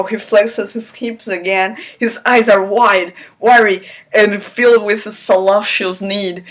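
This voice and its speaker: A woman doing a comic, mock-dramatic reading aloud, her delivery exaggerated with big swings in pitch and loudness. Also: slow. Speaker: comic reader.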